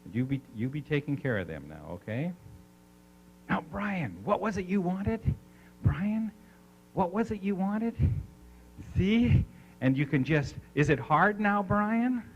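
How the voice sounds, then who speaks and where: Animated man leading a live seminar. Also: high-pitched, measured pace, long pauses, dull audio, slight background noise. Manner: animated storyteller, coaxing the crowd with questions. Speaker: seminar speaker. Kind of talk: live seminar talk to an audience.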